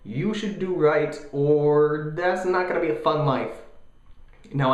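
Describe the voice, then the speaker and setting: A young man in his twenties ranting casually in a vlog, animated and jokey, mocking other people's voices. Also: medium pitch, echoey room. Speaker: vlogger.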